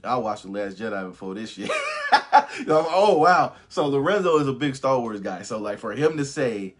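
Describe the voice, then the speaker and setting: Brief: male live-stream host, lower voice, loose, profane, laughs a lot. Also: a little fast. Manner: animated, profane, laughs often; reads viewer comments aloud. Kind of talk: casual live commentary with viewers.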